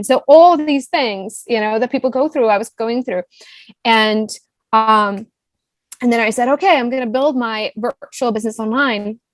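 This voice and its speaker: High-voiced woman with a foreign accent. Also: dry recording. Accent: non-US foreign accent. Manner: animated, fillers like "like" and "right?". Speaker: guest, business coach. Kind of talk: personal storytelling in a podcast interview.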